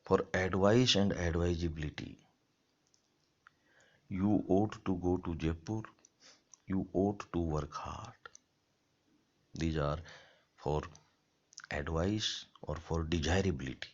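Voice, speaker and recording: Male lecturer, very deep and unhurried, methodical and repetitive delivery, muffled lo-fi sound. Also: a little mellow. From India. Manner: slow, deliberate, repeats example sentences. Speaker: college lecturer. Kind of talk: grammar lecture. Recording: dull lo-fi lecture recording.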